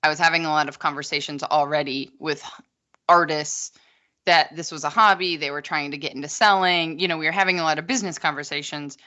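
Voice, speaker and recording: Chatty woman, low bright voice. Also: fairly even intonation, a little fast, lo-fi sound. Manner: long-winded, chatty, many asides. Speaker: podcast guest, potter. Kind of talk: casual chat.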